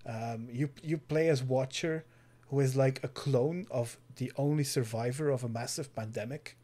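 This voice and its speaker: A man's voice: mid-range voice, normal speed, warm tone. Earnest man recommending a game. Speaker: podcast co-host. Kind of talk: casual chat.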